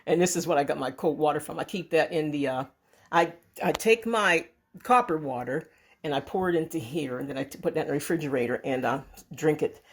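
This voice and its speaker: A woman's voice: low-pitched, brisk. Woman host, casual kitchen demo, chatty and rambling, handheld camera. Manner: chatty and rambling, with restarts, calls viewers folks. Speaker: channel host. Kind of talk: casual home cooking demo.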